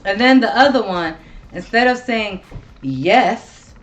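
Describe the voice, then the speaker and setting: Seorang wanita paruh baya yang mengobrol santai dan bertele-tele sebagai pembawa acara podcast, sering mengumpat dengan gaya yang hidup. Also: female voice, medium pitch, takes it slowly, lo-fi sound, a crowd in the background. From Ohio. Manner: swears a lot, rambling and animated. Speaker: podcast host. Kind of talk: casual chat.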